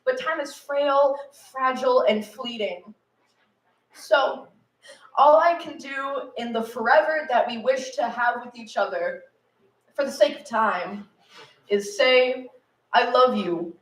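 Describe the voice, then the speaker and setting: A woman's voice: high-pitched, takes it slowly. A woman performing a tender, earnest love poem at a cafe open mic. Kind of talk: live poetry reading. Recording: echoey room, mic far off.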